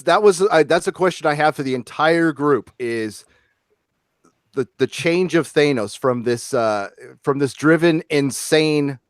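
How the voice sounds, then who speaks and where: A man's voice: fairly high pitch, dry recording, clean studio sound. A man hosting a podcast panel, asking the group a question with some hesitation. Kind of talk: casual podcast chat.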